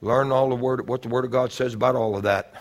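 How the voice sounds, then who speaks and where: A man preaching a sermon, building to shouted exhortations and stretching out repeated phrases. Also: mid-range voice, fairly even intonation, quick pace.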